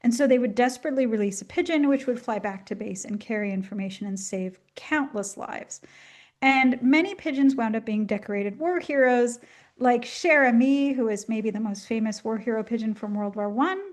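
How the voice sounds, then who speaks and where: Recovering from the tail end of a flu, a woman coughs from time to time while delivering a casual illustrated lecture. Her delivery is chatty and eager, with many ums and asides, in a voice on the high side at a moderate pace.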